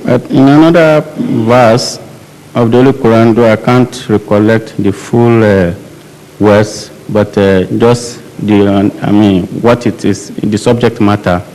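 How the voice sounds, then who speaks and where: A man's voice: on the low side, fairly even intonation, unhurried, a little mellow. A man from the audience asks questions deferentially, hesitating and searching for words, in an archival recording. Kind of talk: question-and-answer session. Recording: archival 1986 hall recording with long reverb and faint noise.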